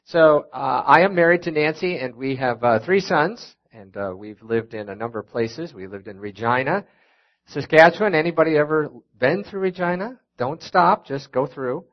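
A man's voice: fairly high pitch, animated, moderate pace, lo-fi sound. Folksy Minnesota-accented man preaching. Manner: folksy, self-deprecating humor. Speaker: guest preacher. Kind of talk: sermon with personal stories. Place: church sanctuary.

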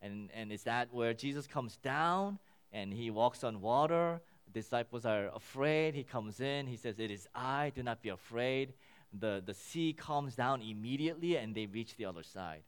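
A man preaching a sermon, teaching through a scripture passage in an animated way, often repeating and restarting words. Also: mid-range voice, moderate pace, clear, resonant tone. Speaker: pastor.

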